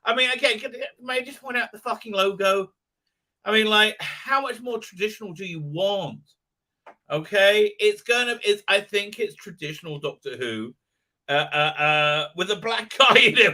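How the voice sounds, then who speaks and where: Middle-aged man, high bright voice, rambling blunt live-stream host. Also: normal speed. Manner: rambling, many fillers, jokey and blunt. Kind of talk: casual live-stream commentary.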